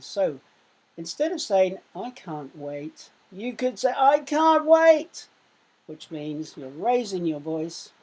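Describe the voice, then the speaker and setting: A woman teaching a recorded primary school lesson. She speaks clearly and raises her voice to show exclamations. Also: on the low side. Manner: slow, clear teaching voice that loudly acts out exclamations.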